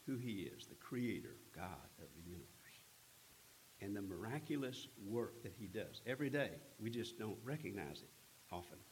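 A man preaching a sermon, retelling a scripture story in an earnest, unhurried way with frequent pauses. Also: lowish voice, slight background noise, poor audio. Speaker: pastor.

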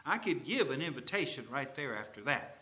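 A middle-aged male pastor preaching a sermon, swinging from loud drawn-out proclamations to low, chatty storytelling. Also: very animated.

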